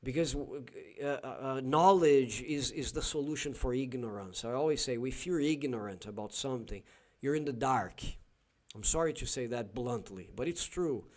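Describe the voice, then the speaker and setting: A man's voice: medium pitch, normal speed, a little mellow. A Brazilian man with a Brazilian Portuguese accent, a Portuguese teacher hosting a casual live stream and thinking aloud with many fillers and restarts.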